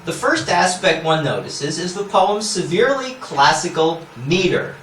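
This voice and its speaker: A man's voice: sits high, lively intonation, a little slow, a bit bright, slight background noise. A man giving an academic lecture, explaining scholarly points with asides and frequent "yeah?" checks to the audience. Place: lecture hall. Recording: echoey lecture hall, mic at a distance.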